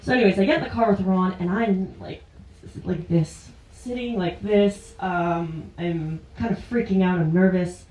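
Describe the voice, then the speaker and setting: On an indoor stage at a small live venue, a woman from Ontario, Canada tells a true personal story. Her voice is fairly low, warm and moderately paced, and she's chatty, often laughing through her words, in roomy, distant sound.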